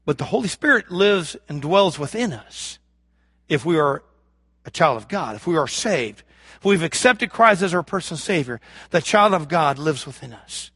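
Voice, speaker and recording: Fervent high-voiced man preaching. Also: big pitch swings, normal speed, husky, dry recording, clean studio sound. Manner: fervent preaching, swinging from loud emphasis to hushed lows; acts out imagined prayers and voices of the congregation. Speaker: pastor. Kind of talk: sermon.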